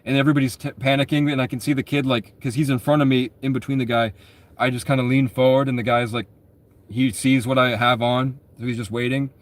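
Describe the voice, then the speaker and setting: A man's voice: medium pitch, little pitch movement, fast. Man, twenties, casual storyteller; rambling, profane delivery, constant self-corrections. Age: 20s.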